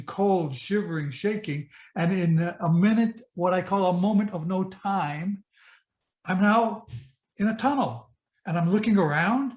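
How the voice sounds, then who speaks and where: A man's voice: high-pitched, darkish tone, reverberant. A man in his eighties from Michigan, telling a personal experience in an earnest, vivid present tense with frequent restarts. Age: 80s. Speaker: speaker sharing a personal experience. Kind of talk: personal storytelling talk.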